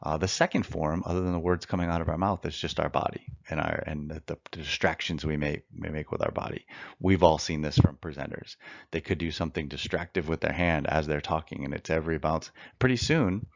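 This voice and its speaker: A man with a very low, gravelly voice teaches mock trial in a recorded lecture. He is earnest and emphatic, repeating phrases for effect and pacing himself deliberately. The sound is dry and a little dull. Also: no echo. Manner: works to slow down a fast natural pace.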